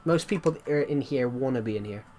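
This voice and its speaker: A man's voice: medium pitch, fast talker, a little mellow, soft background music. A man with a West Country accent chatting casually to his viewers while playing a game, rambling and restarting his sentences. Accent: West Country English. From England. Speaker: streamer. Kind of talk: casual live-stream chat while playing.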